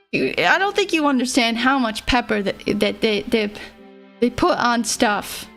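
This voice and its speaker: A woman's voice: a little high, a bit bright. A young woman streamer chatting casually, rambling and giggling, who mumbles a little. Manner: rambling, giggly, self-deprecating. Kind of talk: casual livestream chat. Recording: faint music behind.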